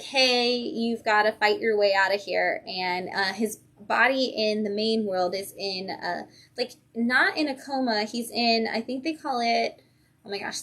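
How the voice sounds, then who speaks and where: A woman's voice: on the high side, fairly bright tone. A woman co-hosting a comic shop livestream, chatting and reviewing comics, enthusiastic and laughing often. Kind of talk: casual chat, comic reviews.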